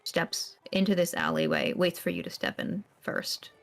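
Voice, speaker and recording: A woman's voice: on the low side, sing-song, moderate pace, vocal fry, a bit bright, faint music behind. A woman narrating as game master, describing scenes in a rambling way with many fillers.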